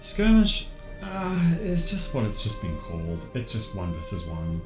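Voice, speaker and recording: A man's voice: sits low, big pitch swings, moderate pace, roomy sound, music in the background. A man giving casual commentary while showing games, thinking aloud with many ums.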